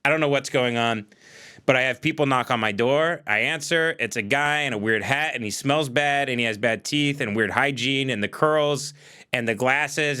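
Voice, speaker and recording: A livestream host, a man, talking into his desk mic in a casual rant. His voice is bright and sharp. He sounds exasperated and profane, and he shouts now and then. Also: medium pitch, clean tone. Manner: shouts at times. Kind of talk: casual ranting monologue.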